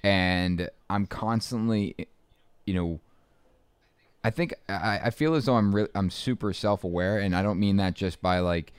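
A man with a very low, smooth and resonant voice and only a faint trace of a Boston accent, talking as an interview guest. He rambles through his thoughts with many restarts and asides. The sound is close and dry. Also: unhurried, dry recording. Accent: faint Boston, mostly smoothed out. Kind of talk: casual interview talk.

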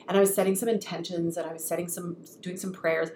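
Woman, podcast co-host, fast casual storytelling, acts out quoted voices, echoey room, faint background hiss. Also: fairly low pitch, flat delivery, darkish tone. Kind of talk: casual chat. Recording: roomy echo, faint ambient noise.

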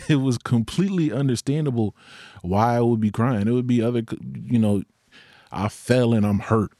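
A man's voice: fairly low pitch, dark tone, dry recording, clean studio sound. A young man speaking in an earnest, candid personal monologue, with occasional rueful laughs.

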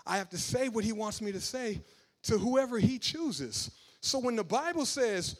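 A man preaching a sermon, talking casually with the congregation and building up to loud, emphatic passages. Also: very high-pitched, lively intonation, normal speed.

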